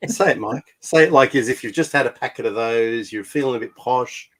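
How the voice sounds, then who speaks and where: A man's voice: mid-range voice, a little fast, fairly bright tone. A man on a video call panel, laughing easily and egging the others on. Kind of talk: casual panel chat.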